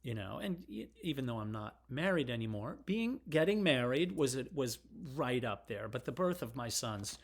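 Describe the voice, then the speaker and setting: Middle-aged guy rambling to his camera, frank, wanders off topic, mid-pitched voice. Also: animated, normal speed, few pauses. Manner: rambling and digressive, frank and emotional. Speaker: vlogger. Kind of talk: casual rambling monologue.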